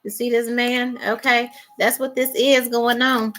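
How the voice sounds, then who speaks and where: Bright high-voiced woman reading tarot. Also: little pitch movement, measured pace, a little hiss or hum. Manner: emphatic, repeats "okay?" and "all right?", acts out quoted people. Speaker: tarot reader.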